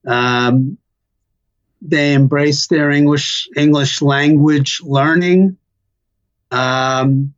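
An older man slowly recalling his family's story as an interview guest, pausing often with fillers. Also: medium pitch, dull audio. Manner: slow, halting, many fillers. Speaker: interview guest, child of survivors. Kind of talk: reflective personal storytelling.

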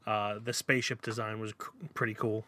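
A man's voice: lowish voice, little pitch movement, fairly quick, pushed and bright. A man co-hosting a movie podcast, talkative and opinionated in casual chat about films. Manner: talkative, opinionated film reviewing. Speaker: podcast co-host.

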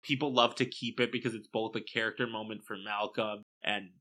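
Bright-voiced man, dry joker. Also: lowish voice, little pitch movement, brisk. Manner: dry, jokey commentary. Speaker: podcast co-host. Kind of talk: casual chat about a play.

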